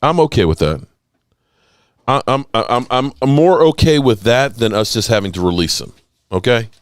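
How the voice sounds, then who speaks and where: A man hosting a casual sports podcast, talking in an animated, excitable way and swearing now and then. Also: moderate pace, no room sound. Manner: animated, excitable, swears, acts out quotes in a high voice. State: voice strained, coughing.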